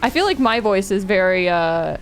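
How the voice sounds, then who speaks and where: A streamer with a Californian Valley Girl accent chats casually while gaming, dropping "like" and "oh my God" constantly and laughing often. Her mid-range voice is animated and moderately paced, with faint music behind her.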